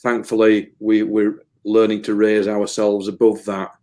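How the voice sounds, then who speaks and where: A man's voice: fairly low pitch, monotone, a little slow, a little mellow. Earnest, rambling man. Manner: earnest, emotional, meandering with repeated words. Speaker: medium, interview guest. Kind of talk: casual spiritual interview talk.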